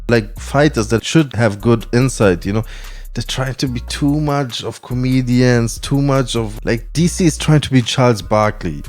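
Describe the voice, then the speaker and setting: A man's voice: medium pitch, normal speed, darkish tone, faint music behind. A man hosting a podcast in casual chat, rambling and slangy with frequent swearing. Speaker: podcast host.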